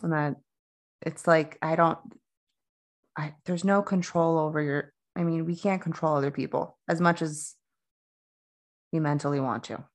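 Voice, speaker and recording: Chatty woman, low voice, podcast co-host. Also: fairly even intonation, normal speed, pauses often. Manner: chatty and rambling, frequent restarts and laughs. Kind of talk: casual spiritual podcast chat.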